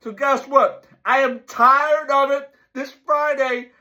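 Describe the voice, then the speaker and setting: A middle-aged man hosts a fan sports show with a notably high, bright voice. He rants emphatically and keeps circling back to the same catchphrases. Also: steady tone, slow pace, highs cut off. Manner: emphatic, repeats "my, oh, my" and "folks". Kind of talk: ranting sports commentary.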